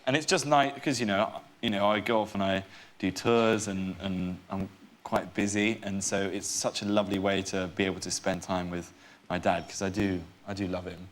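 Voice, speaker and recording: A young English man, a comedian guest on a chat show, telling an animated anecdote. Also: sits low, normal speed, slight background noise. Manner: animated storytelling.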